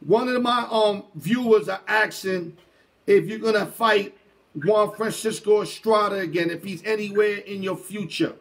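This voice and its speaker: A man's voice: sits high, unhurried. A man hosting a sports talk show, speaking bluntly and emphatically in street slang. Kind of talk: casual chat.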